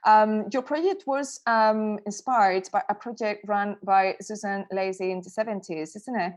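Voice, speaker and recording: A woman's voice: mid-range voice, normal speed. Hesitant woman host on a call. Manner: hesitant, with many ums. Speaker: exhibition host. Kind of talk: online exhibition talk.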